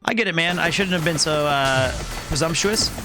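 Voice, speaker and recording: A fairly high-pitched man talks through his gameplay in a loose, joking, rambling way. Clear game music plays under his voice the whole time. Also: moderate pace. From Kansas City, US. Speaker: streamer. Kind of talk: casual gameplay commentary.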